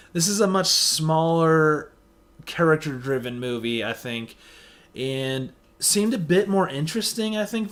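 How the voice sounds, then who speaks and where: A man giving a casual movie review, chatty and sarcastic, often saying "you know". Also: a little high. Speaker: film reviewer.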